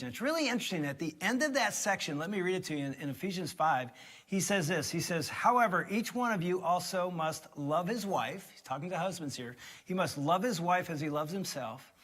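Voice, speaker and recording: A man preaching on marriage from a church stage, telling stories with animated delivery and jokey asides. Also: fairly high pitch. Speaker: pastor co-teaching on marriage. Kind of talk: live sermon with banter. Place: church stage before a live audience.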